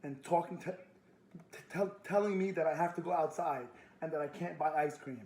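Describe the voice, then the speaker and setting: High-voiced man, furious and echoey. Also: a little fast, a little mellow. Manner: aggressive, repeats demands, swears. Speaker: customer complaining to a store. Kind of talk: heated phone argument.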